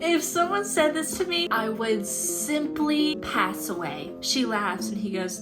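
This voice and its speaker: A young woman chatting excitedly in a casual book vlog, gushing over what she reads, with gasps and laughs. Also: fairly high pitch, a little slow, few pauses, loud music behind the voice. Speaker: book vlogger. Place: home at night.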